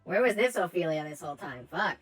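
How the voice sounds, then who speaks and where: A woman's voice: fairly low pitch, expressive, brisk, slightly rough, faint music behind. A woman playing a tabletop game in character, chatty and sarcastic. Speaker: player.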